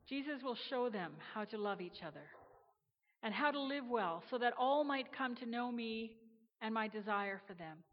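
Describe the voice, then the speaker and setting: A woman voicing God as a gentle, patient, loving female figure who speaks softly and calmly. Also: moderate pace. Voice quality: soft and low-toned, quietly reassuring. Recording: dull reverberant sound.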